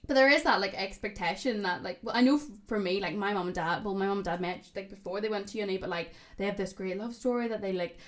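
A woman's voice: medium pitch, fast, few pauses. A young woman, chatting casually on a podcast and telling stories full of "like". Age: 20s. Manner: chatty storyteller, heavy use of "like".

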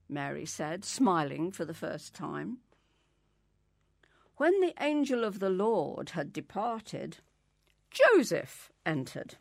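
Brief: woman storyteller, slow and lively, dry close sound. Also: fairly low pitch, gravelly, no echo. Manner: expressive, does character voices. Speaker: reader. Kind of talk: story reading.

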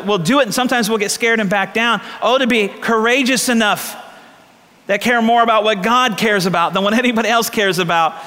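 A pastor preaching a sermon, telling stories and repeating lines for emphasis. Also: male voice, sits high, pushed and bright. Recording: long hall reverb.

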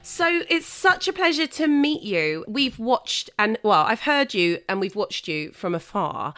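A woman's voice: fairly high pitch, big pitch swings, a little slow, a bit bright. Bubbly chatty woman podcast host. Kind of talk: casual chat. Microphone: video call.

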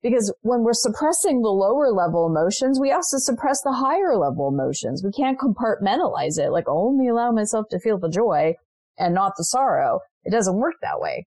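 A woman with a mid-range, warm voice speaks fairly quickly with big swings in pitch, and there's no room sound. She's a guest on an interview show, a transformational leader and spiritual mentor, sharing personal stories in an earnest, reflective way. She peppers her talk with frequent asides, often saying "you know."

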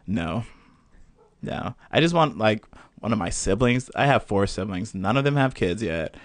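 A young man chatting as a podcast guest, animated and joking, laughing often. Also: fairly low pitch, moderate pace, no echo. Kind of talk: casual interview chat.

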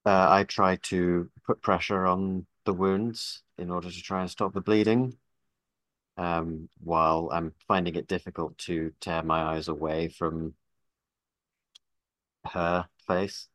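A man with a deep voice plays a tabletop game, stating his character's actions in a plain, matter-of-fact way. The recording is dry and close. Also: little pitch movement, takes it slowly, a bit bright, dry recording. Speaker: player. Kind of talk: tabletop role-play.

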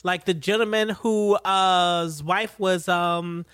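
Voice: mid-range voice, steady tone, slow, a bit bright, clear, resonant tone, no echo. Laughing podcast co-host, dry close sound. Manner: laughs often, acts out quoted lines. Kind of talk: casual recap chat.

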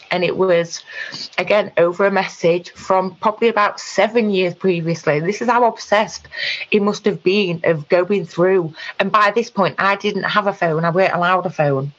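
Halting woman, dull recording. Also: fairly low pitch, steady tone. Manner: halting, frequent ums and restarts. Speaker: guest. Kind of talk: personal account in conversation.

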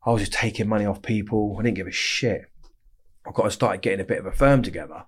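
Fast-talking, low-voiced man. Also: breathy edge. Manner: blunt, swears often, fast and rambling. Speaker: interview guest. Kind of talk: casual storytelling.

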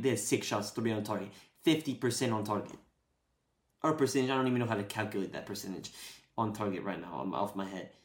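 A man's voice: mid-range voice, roomy sound. A man giving a blunt, exasperated post-match rant as a football fan podcaster, swearing and venting.

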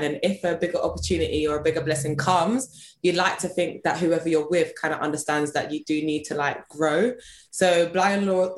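An outspoken woman joins a casual chat with a somewhat low voice. She talks in a lively way and laughs often. The room around her sounds echoey. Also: a little hiss or hum.

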